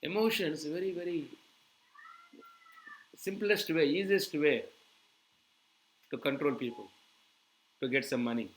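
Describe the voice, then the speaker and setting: A man giving a sermon, animated and full of rhetorical questions to his audience. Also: a little high, unhurried, pauses often, poor audio. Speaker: preacher.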